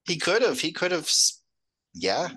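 Female podcast co-host, bright tone, dry close sound, wry quick reactions. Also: on the low side, sing-song, breathy edge, no echo. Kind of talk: casual film-recap chat.

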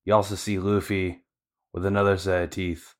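A man with a deep, low voice recaps the story for a podcast. His delivery is casual and slangy, with loose fillers and asides. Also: flat delivery, normal speed. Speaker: podcast co-host.

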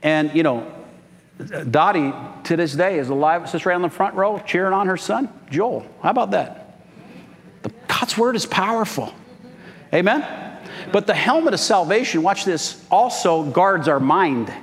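A man's voice: sits high, lively intonation, a little slow, big-room sound. A man pastor preaching a sermon, calling out for "Amen" from the congregation. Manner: call-and-response preaching, frequent "Amen?". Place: church sanctuary.

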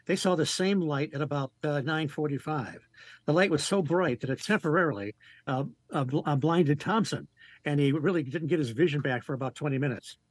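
A man, a regular on a talk show, relaxed and storytelling with many fillers as he gives a report. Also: a little high, fairly quick, husky, no echo. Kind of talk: casual radio talk and report.

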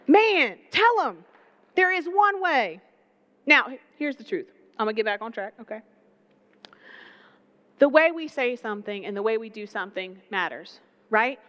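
A woman preacher with a Southern accent, delivering an animated, conversational sermon with playful asides. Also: fairly high pitch, a little slow, long pauses. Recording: dull lo-fi sound.

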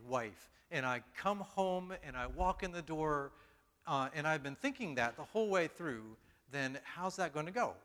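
A man's voice: a little high, fairly bright tone, long reverb tail. A man preaching a casual, self-deprecating sermon to his congregation, stumbling and restarting his sentences often. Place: church hall.

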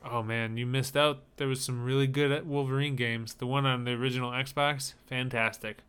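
A man hosts a podcast in relaxed banter and rambles through the show announcements. His voice is smooth and resonant, in a middle pitch. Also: normal speed. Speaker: podcast host.

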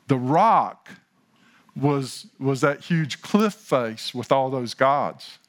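A man preaching a sermon as pastor, building to slow, emphatic lines, with chatty asides and talk of himself in the third person. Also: medium pitch, lively intonation.

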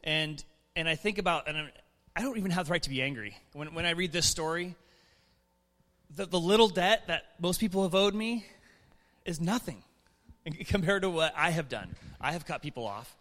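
A man preaching a sermon in a relaxed, conversational way, chuckling and restarting his sentences as he reads and explains scripture in church. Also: fairly high pitch, normal speed, big-room sound.

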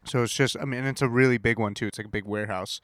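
A man co-hosts a casual podcast, telling animated, profane stories. His pitch sits mid-range and the sound is dry and close. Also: very fast, dry recording. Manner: animated storyteller, profane, acts out people he met. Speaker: podcast co-host. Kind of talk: casual chat.

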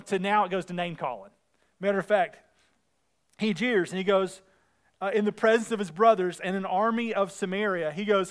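A man with a high voice preaches a sermon in a relaxed, conversational way. He retells scripture and acts out the dialogue, pressing harder and louder as he builds his point. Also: normal speed. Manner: grows louder and more emphatic as he goes. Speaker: pastor.

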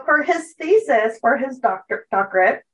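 A young woman, somewhat high-voiced, tells a story from her notes for a podcast. She talks casually with plenty of likes and ums and now and then a giggle. She sounds a little distant from the microphone. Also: lively intonation, moderate pace. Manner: chatty, many "like" and "um" fillers, giggly. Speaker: podcast co-host telling a case.

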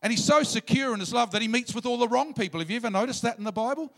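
A man preaching a sermon in an animated way, sometimes bursting into loud shouts. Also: very high voice, racing, vocal fry.

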